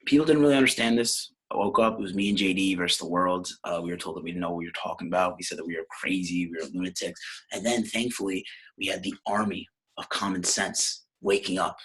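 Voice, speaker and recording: Brief: low husky man from New York, rambling profane podcast host. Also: fast talker, fairly bright tone. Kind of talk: casual podcast rant.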